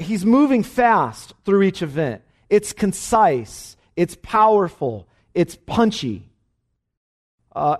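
Animated man teaching a Bible study. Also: high voice. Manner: animated, emphatic teaching with frequent "uh" fillers. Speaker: pastor.

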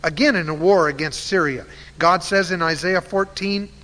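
A man's voice: high voice, moderate pace, pushed and bright. A man telling a Bible story in a sermon, conversational and full of uh fillers. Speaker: Bible teacher. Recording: long hall reverb.

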